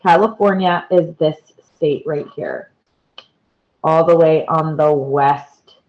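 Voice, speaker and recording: A woman's voice: low voice, slow, phone-quality sound. A woman teacher giving a patient classroom explanation, repeating key words and pointing to examples. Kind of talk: slow, deliberate classroom explanation.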